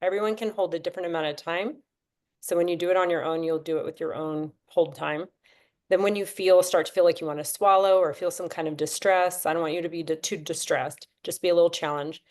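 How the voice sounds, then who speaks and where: A woman's voice: fairly low pitch, fairly even intonation, a little fast, darkish tone. A woman leading a breathing class over a video call, chatty and encouraging as she counts the class through each step. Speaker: breathwork instructor.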